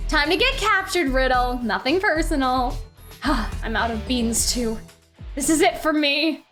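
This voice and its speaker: A woman's voice: very high voice, pushed and bright. A young woman streaming a game, reading the dialogue aloud and breaking into gushing, laughing fan reactions. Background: faint game music.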